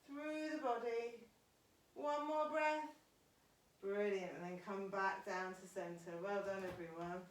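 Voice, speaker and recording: A woman's voice: mid-range voice, steady tone, slow. A woman yoga teacher guiding a live class through poses and breathing, with encouraging step-by-step cues. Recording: echoey room, voice from far off.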